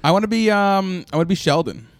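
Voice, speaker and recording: A man's voice: high-pitched, lively intonation, fast talker, dry recording, clean studio sound. A man co-hosting a podcast, chatting casually and joking. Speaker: podcast co-host.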